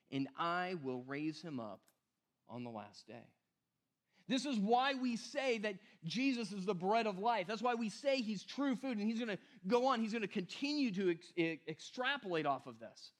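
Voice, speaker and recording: A man with a high voice gives a sermon, reading scripture and explaining it in relaxed, everyday words. He often checks in with the listeners and repeats his key points for emphasis. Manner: casual, conversational preaching with repeated "right?" and "you guys". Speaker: pastor.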